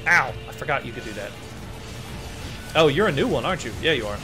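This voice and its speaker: Animated chatty male game streamer. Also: mid-range voice, fast talker. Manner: chatty, rambling, excitable. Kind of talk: let's play commentary. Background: faint game music.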